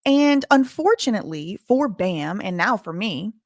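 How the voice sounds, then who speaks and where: Woman, indignant commentary, repeats herself for emphasis, mid pitch, dry close sound. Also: very animated, no echo. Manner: indignant, repetitive, deliberate stresses. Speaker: commentary channel host.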